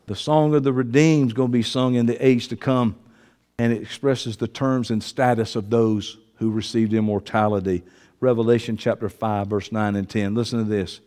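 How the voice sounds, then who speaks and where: Impassioned preacher in a reverberant hall. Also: male voice, medium pitch, steady tone, moderate pace, clear, resonant tone. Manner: swings from loud shouting to quiet, breaking voice; folksy, emphatic, reads scripture aloud. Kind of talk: sermon. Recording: long reverb of a large hall.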